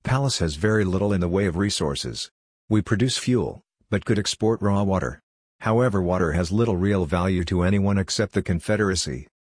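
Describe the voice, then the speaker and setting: Man doing a calm android envoy, level, matter-of-fact, low, dry. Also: fairly quick, no echo. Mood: explaining.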